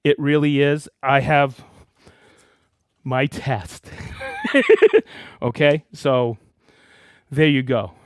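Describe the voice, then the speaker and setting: A man hosting a live stream in a casual, excited way, calling out viewers by name and hometown. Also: medium pitch, very slow, pauses often, clean tone, no room sound. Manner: excited, animated, reading viewer shout-outs. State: worked up and dusty after a demo. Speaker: host of a live product show.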